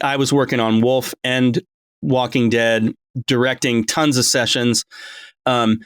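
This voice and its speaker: A middle-aged man with a mid-range voice and no echo speaks from his home as a voice director in a casual long-form interview. He rambles, full of ums and restarts.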